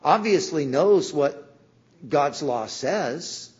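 Husky man preaching earnestly. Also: on the high side, animated, very slow, darkish tone, dull audio. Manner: earnest preaching, acting out quoted voices. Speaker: pastor. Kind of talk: sermon.

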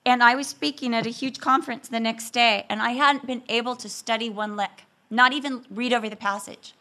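A woman with a fairly high, bright voice tells a story about marriage in an animated, humorous way. She acts out every quoted line as she goes. She sounds like a speaker addressing a room of women. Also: a little fast.

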